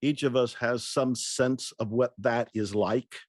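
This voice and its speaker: A man's voice: mid-range voice, steady tone, a little slow, no echo. Affirming male interviewer, dry sound. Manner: warm, affirming, soft murmured responses. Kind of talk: casual conversation.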